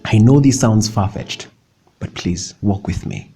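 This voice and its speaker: A man's voice: lowish voice, unhurried, mellow, slight background noise. A young man giving chatty, playful motivational advice in a casual vlog, laughing often and dropping in slang. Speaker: vlogger.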